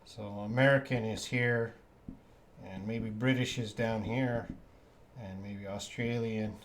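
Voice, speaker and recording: A man's voice: lowish voice, steady tone, takes it slowly. A Canadian man teaching English in a live online lesson, answering viewers' questions and repeating key words for learners. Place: living in Korea.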